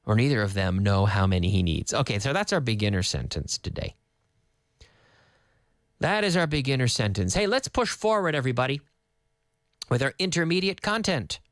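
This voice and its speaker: A man's voice: medium pitch, big pitch swings, moderate pace, long pauses. A man hosting a live English lesson on the radio, quizzing listeners with questions and answering them himself. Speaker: English teacher, radio host. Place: radio studio.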